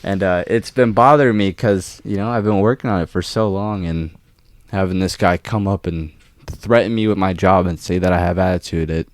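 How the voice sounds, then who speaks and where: A man's voice: deep voice, moderate pace, no room sound. A young man co-hosting a podcast, telling a work story in casual chat, swearing freely and acting out quotes. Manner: profane, animated storytelling with acted quotes. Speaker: podcast co-host.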